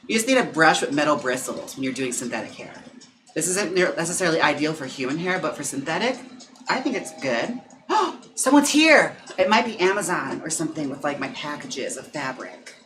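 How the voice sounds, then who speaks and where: A Wisconsin man who performs in drag and styles wigs chats on a casual home livestream, campy and dramatic with sudden gasps and sassy asides. His higher voice is very animated at a moderate pace, with background noise behind him.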